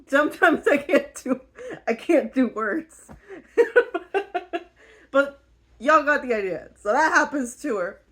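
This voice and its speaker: A woman's voice: high voice, expressive, slow pace, pauses often, fairly bright tone. A woman retelling a book in a casual, rambling way, giggling often and using lots of fillers. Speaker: book reviewer.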